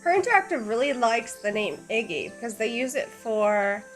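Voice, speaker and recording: Chatty female streamer, slightly high voice, faint music. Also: big pitch swings, normal speed. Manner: giggly, chatty, playful. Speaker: game streamer. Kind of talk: casual live-stream chat.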